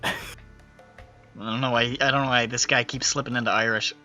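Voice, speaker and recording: A man's voice: mid-range voice, little pitch movement, brisk, pushed and bright, faint music behind. A man running a tabletop game as game master, talking in exasperated, laughing asides. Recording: dull lo-fi sound.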